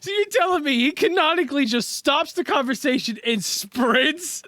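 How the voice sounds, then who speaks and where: A man running a tabletop game as game master, exasperated and quick to laugh. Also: extremely high pitch, animated, bright, forceful tone, no echo.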